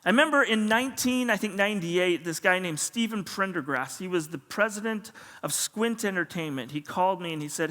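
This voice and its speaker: A middle-aged male pastor tells a sermon story with a high, bright, forceful voice. He acts out the dialogue with lively energy, and his voice rings with long reverb through a large church hall. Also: brisk, hardly any pauses.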